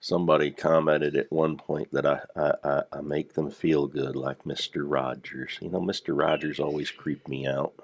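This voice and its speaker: An older man with a gravelly voice, rambling through casual gameplay commentary with dry dad jokes. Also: a bass voice, flat delivery, normal speed, few pauses. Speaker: Minecraft let's player.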